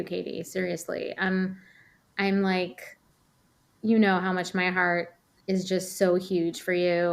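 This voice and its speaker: A woman's voice: fairly low pitch, vocal fry. A woman hosting an interview, enthusiastic and encouraging in casual chat. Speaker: podcast host, dietitian.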